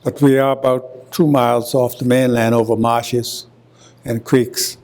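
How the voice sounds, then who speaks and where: An older man from Hilton Head Island with a Gullah accent, giving a university lecture deliberately and repeating example words as he explains. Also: medium pitch, little pitch movement, a little mellow. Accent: Gullah, coastal South Carolina. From Hilton Head Island, South Carolina. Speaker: guest lecturer.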